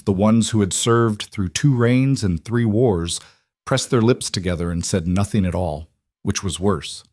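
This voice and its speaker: A man reads a fantasy story in a steady, measured way, his voice sitting low. The sound is dry and close to the mic, with no room at all. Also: no room sound. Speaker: narrator. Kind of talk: scripted narration.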